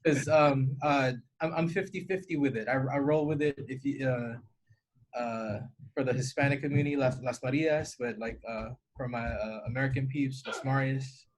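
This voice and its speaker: A man's voice: mid-range voice, moderate pace. Easygoing man from the Philippines. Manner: earnest, easygoing, many fillers and restarts. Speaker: guest teacher. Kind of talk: casual podcast chat.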